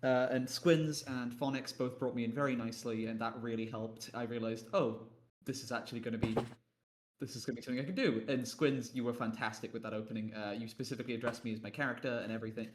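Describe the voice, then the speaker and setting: A man on a video call telling self-deprecating stories about his roleplay mistakes in an animated, casual way. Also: medium pitch, quick pace, slight background noise. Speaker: panelist on a roleplay Q&A stream. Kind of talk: casual chat.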